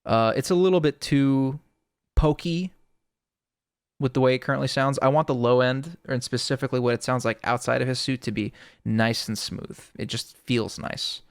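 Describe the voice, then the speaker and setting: A man's voice: mid-range voice, moderate pace, clear, resonant tone, no room sound. A man giving a casual audio tutorial, explaining in a laid-back way with lots of "sort of", close to a studio microphone. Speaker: music producer explaining sound design.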